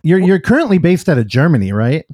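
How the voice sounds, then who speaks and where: A man's voice: a little high, sing-song, quick pace, mellow, no room sound, studio quality. Easygoing male podcast co-host. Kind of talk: casual chat.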